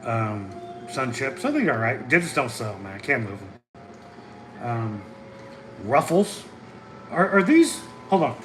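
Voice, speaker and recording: A man's voice: mid-range voice, sing-song, measured pace, long pauses, slight background noise, rough recording. A man from the Midwest, chatting casually on a livestream from a concession stand and answering questions from chat. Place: concession stand at a soccer venue.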